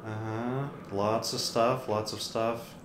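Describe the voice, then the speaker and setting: A man's voice: lowish voice, little pitch movement, slow pace. A man casually chatting while playing a horror game, teasing his nervous co-host. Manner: teasing, laughs at his co-host's fear. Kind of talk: casual let's-play chat. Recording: echoey room with faint hiss.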